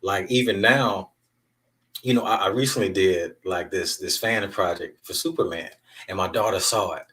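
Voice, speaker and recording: Deep-voiced man podcasting from afar. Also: normal speed, sharp tone, far from the mic. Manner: candid, emphatic, storytelling. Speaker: podcast host. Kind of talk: casual monologue podcast.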